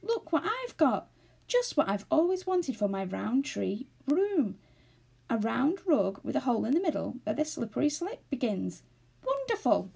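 A woman reading aloud and voicing an excitable, fretful male fairy-tale creature who gushes, then trembles. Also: sits high, moderate pace, pitched above the performer's own voice. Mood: thrilled. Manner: gushing and jumpy, then trembling.

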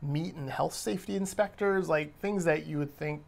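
A man's voice: a little high, normal speed, vocal fry. A man co-hosting a casual discussion podcast, giving pointed, conversational commentary. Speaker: podcast co-host.

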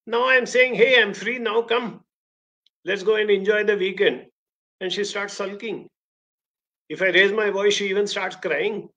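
A man's voice: high-pitched, fairly even intonation, measured pace, bright, forceful tone, voice pushed up, exaggerated voice. A man putting on the voice of a baffled, frustrated young husband complaining about his wife. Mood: exasperated. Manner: exasperated, complaining.

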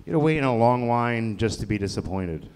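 A man's voice: mid-range voice, lively intonation, a little fast, a little mellow, clean tone. A man co-hosting a comedy podcast, cracking dry, crude jokes in casual banter. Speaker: podcast co-host.

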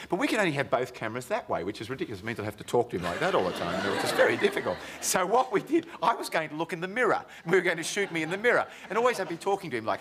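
A man spinning a funny story on a studio chat show, his pitch leaping around as he acts out the people in it and breaks into laughter. The old broadcast audio has a clear hiss and crackle under him. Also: quick pace, few pauses. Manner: animated storyteller, acts out quotes, laughs often. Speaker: comedian and talk show guest. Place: television studio. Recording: noisy 1980s TV broadcast audio.

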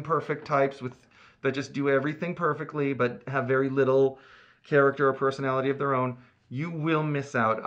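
A middle-aged man from Massachusetts, a theatre producer telling an animated anecdote as a guest, flamboyant and acting out the voices in his story. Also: mid-range voice, highs cut off. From Cape Cod, Massachusetts. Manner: flamboyant storyteller, acts out quotes with big swings.

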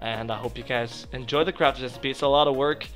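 A young man commentating a video game he is playing, chatting to viewers and yelping loudly whenever something goes wrong. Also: medium pitch, quick pace, soft background music. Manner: excitable, yelps and shrieks when startled. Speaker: gaming channel host. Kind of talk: let's play commentary.

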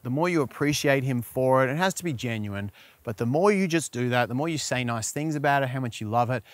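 A man with a mid-range, slightly bright voice hosts a relationship advice vlog, speaking directly to the camera. He is frank and coaching, often checking in with the viewer, and the recording is dry.

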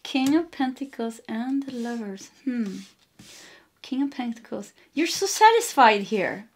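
A woman with a Swedish accent giving a casual spiritual tarot reading, meandering and giggly, gently reassuring. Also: fairly high pitch, gravelly. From Sweden. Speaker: tarot card reader.

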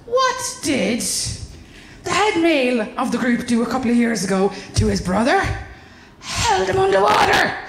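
An Irish woman doing stand-up comedy on a club stage, animated, exaggerated and sweary. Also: sits high, moderate pace, creaky, very noisy. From Ireland. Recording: roomy live venue.

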